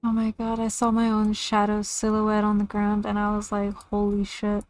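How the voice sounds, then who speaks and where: A woman's voice: mid-range voice, completely flat delivery, normal speed. A young woman chatting casually on a game livestream, with a chatty, self-deprecating manner. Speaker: streamer. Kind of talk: casual livestream chat while gaming.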